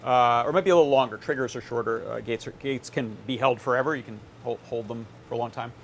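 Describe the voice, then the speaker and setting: A man's voice: mid-range voice, quick pace, a little hiss or hum. Man casually demoing gear on a livestream. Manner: relaxed, explains while tinkering, frequent "uh". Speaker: electronics workshop host. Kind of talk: casual live demo.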